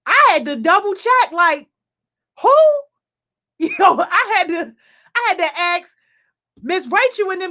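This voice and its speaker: High-voiced, lively woman hosting a video call. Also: unhurried. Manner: energetic, slangy, peppers speech with "yo" and laughter. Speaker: youth program host. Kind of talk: casual shout-outs on a video call.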